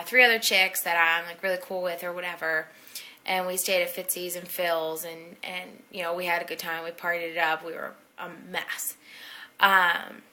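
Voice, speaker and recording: A woman's voice: on the low side, pushed and bright. A young woman telling a rambling personal story in a casual vlog, full of fillers and asides. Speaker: blogger telling personal stories.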